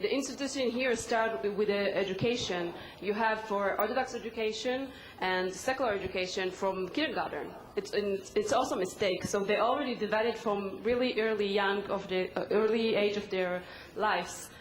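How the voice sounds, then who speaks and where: A woman with an Israeli accent, a native Hebrew speaker, answering as a panelist in halting English with repeated words. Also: mid-range voice, a little hiss or hum. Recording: echoey conference hall.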